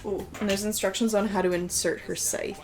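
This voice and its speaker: A young woman chatting excitedly at home as she unboxes collectible figures, with lots of "like" in her talk. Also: medium pitch, brisk, music in the background. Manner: excitable and chatty, heavy use of "like". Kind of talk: casual unboxing chat. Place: home room with a PC.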